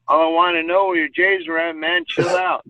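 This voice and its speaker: A man's voice: high-pitched, sing-song, moderate pace, vocal fry, pushed and bright, voice pushed up, exaggerated voice. A man voicing a laid-back teenage schoolmate with an easygoing drawl. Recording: tinny phone-like sound from far off.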